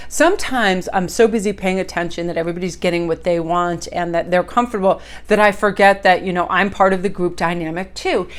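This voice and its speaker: Chatty, bubbly woman telling a story. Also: on the low side. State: coughing, just sneezed. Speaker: tarot vlogger. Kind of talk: casual chat. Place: hotel room. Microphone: handheld phone camera.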